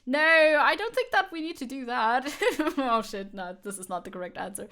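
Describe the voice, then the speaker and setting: A woman streaming a video game, chatting casually and thinking aloud with quick self-corrections. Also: high voice, lively intonation, pushed and bright.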